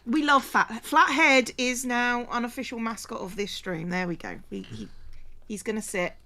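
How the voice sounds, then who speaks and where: Brief: woman streamer, slightly higher voice, loose casual chat, stumbles and repeats words, reads out chat names. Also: lively intonation, normal speed, pushed and bright, a little hiss or hum. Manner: stammering, repeats words while crafting; reads out viewer names and thanks them. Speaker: streamer co-host.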